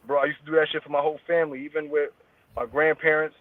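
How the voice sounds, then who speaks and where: Man, interview guest, slangy, swears a lot, fairly high voice, thin phone-like sound. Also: little pitch movement, rapid-fire, no echo. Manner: loose street slang, heavy swearing. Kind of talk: casual interview chat. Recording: tinny phone-like line, dry.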